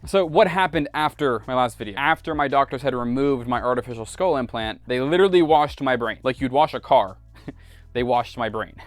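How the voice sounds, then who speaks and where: A man's voice: medium pitch, a bit bright, clear, resonant tone, no echo. A young man talking casually and candidly in a vlog from his small garage workshop, joking and filling his talk with "like". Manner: candid, chatty, joking, many "like" fillers. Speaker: vlogger.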